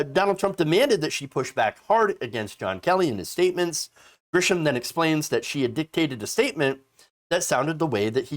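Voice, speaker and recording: A man hosting a casual political commentary video, talking in a sarcastic, animated way with lots of fillers. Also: a little high.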